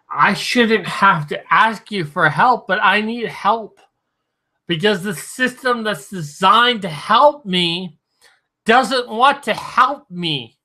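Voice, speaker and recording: Slow, slurred drunk man streaming. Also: high voice, vocal fry. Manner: slurred, halting speech; talks softly at times. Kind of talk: drunken livestream monologue.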